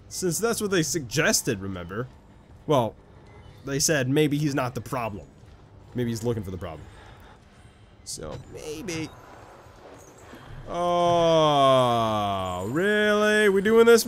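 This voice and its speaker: A young man casually commenting on a horror game he is playing, joking around and getting excitable, close to his desk mic. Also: fairly high pitch, a little slow. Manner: jokey and excitable, shouting when chased. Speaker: gameplay commentator. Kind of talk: casual let's-play commentary.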